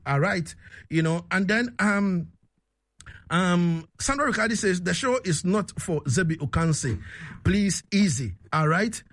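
Laughing, animated Ghanaian male host. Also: high voice, measured pace, no room sound. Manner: animated, laughs often, repeats "you understand me". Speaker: radio show host. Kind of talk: casual radio chat reading listener messages.

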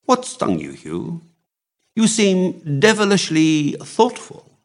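A man reading aloud and voicing a jaunty upper-class gentleman with breezy, joking banter. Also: a little high, huge pitch swings, slow pace, voice pushed up, full character voice.

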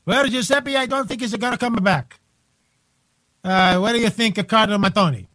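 Man doing a high-voiced, comic Italian-accented cardinal, dry and close. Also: moderate pace, fairly bright tone, no room sound. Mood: mock-puzzled. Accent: put-on Italian accent. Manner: mock-pondering, comic. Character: chatty Italian-accented male cardinal, middle-aged.

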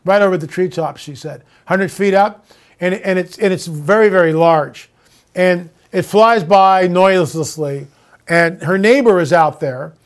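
A man with a notably high voice talks straight to his audience as the host of his own show. He rants in exasperation and then shifts into telling a story. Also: a little slow. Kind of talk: opinionated monologue.

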